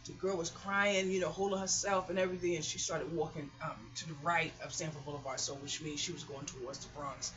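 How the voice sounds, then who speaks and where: A woman's voice: low-pitched, steady tone, quick pace. A woman vlogger telling stories casually and emphatically, acting out her own past words. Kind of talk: casual storytelling. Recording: dull lo-fi recording.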